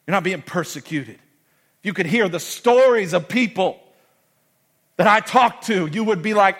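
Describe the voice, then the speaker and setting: Middle-aged man, pastor mid-sermon, impassioned storyteller, swings between loud and hushed delivery. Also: sits high, normal speed, long pauses.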